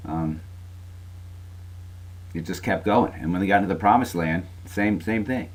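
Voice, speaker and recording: Male lecturer, lowish voice, loose conversational classroom delivery. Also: a little slow, long pauses. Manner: chatty, frequent tag questions and fillers. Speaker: college lecturer.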